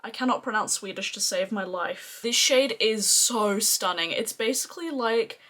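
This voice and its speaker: A woman's voice: mid-range voice, moderate pace, a bit bright. A woman with an Australian accent gushes in a chatty, casual makeup review. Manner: gushing, chatty, effusive. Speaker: beauty vlogger.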